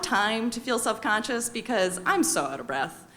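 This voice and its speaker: A woman in her thirties with an American accent, telling a confessional personal story on stage in a wry, animated way. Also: fairly high pitch, normal speed. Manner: confessional, wry, animated when quoting people.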